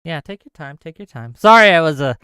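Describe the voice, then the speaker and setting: Animated, heated man hosting a call-in. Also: on the high side, fairly quick, smooth, no room sound, clean studio sound. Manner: heated and argumentative, rants at length. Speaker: call-in show host. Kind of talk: live call-in show hosting.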